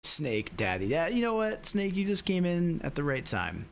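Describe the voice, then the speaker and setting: A man's voice: a little high, very animated, moderate pace, gravelly. Chatty male sim racing streamer. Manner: rambling, talks straight to chat with lots of fillers. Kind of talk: casual live-stream chat.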